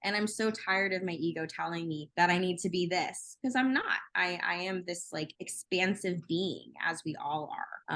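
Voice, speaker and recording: Reflective woman guest with a low voice. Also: a bit bright. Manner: reflective, thoughtful. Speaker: guest, author and speaker. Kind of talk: casual conversation.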